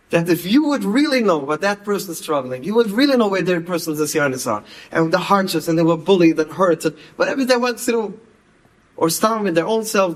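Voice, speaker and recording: A man's voice: fairly high pitch, poor audio. A man, telling stories in a talk and repeating words for emphasis. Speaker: speaker. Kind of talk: storytelling talk.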